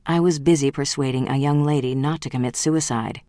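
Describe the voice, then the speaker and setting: An audiobook reader voicing a charming, smooth-talking heir, teasing and unhurried. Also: medium pitch, fairly even intonation, warm tone, no echo, clean studio sound, natural voice.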